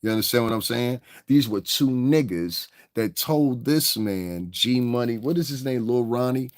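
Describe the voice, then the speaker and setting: A man hosts a casual livestream, ranting angrily and combatively with heavy profanity. His mid-range voice has lively intonation at a normal speed. The recording is dry and clean, with studio sound.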